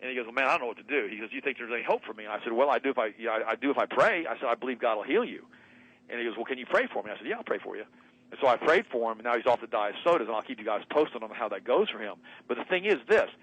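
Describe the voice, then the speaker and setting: A man's voice: medium pitch, animated, very fast, fairly bright tone, husky, low-quality recording. A man, a doctor and guest on a talk radio show, telling a story in an emphatic way and acting out both sides of a conversation. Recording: radio broadcast.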